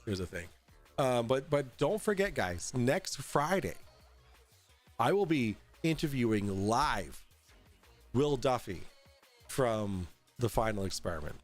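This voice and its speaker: A young adult man hosting a casual livestream from home, tipsy, rambling and halting with lots of fillers and swearing. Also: medium pitch, sing-song, faint music behind. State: tipsy from drinking. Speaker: host. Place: at home in an apartment.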